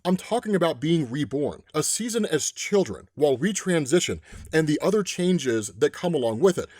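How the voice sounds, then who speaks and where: A man's voice: on the high side, lively intonation, moderate pace, a little mellow, no room sound, clean studio sound. A man voicing a weary young woman horseman who complains.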